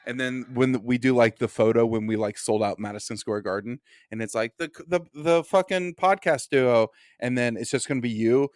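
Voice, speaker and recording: A man's voice: medium pitch, moderate pace, hardly any pauses, darkish tone, no room sound. Rambling joking young man, dry sound. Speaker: podcast co-host. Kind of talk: casual chat.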